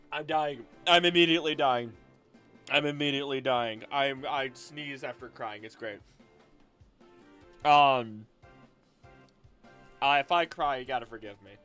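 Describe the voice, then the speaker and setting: Brief: young male streamer, mid-pitched, rambling casual chat, frequent laughs, faint music underneath. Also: a bit bright, clear, resonant tone. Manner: rambling, chatty, laughs often. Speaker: livestream host. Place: home room.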